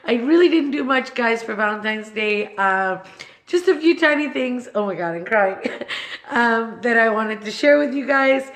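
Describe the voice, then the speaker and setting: A woman's voice: on the high side, a little slow, a bit bright. A woman with a slightly raised voice, chatting through a home tour vlog. She gushes and sounds sentimental and affectionate. She is indoors at home, talking into a handheld camera. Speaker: home decor vlogger. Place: inside her own home. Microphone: handheld camera she turns around to film.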